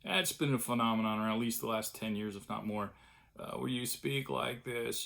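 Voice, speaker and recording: Speaking a little fast with vocal fry, a middle-aged man in his home studio talks on and on in a relaxed vlog, poking fun at himself. He's a cartoonist with a mid-range, fairly bright voice.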